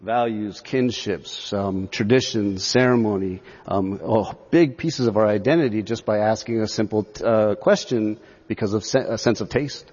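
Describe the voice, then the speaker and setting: A man from northeastern Arizona, a guest on a radio interview, telling stories in a relaxed way and laughing easily. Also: lowish voice, normal speed, hardly any pauses, breathy edge, big-room sound, muffled recording.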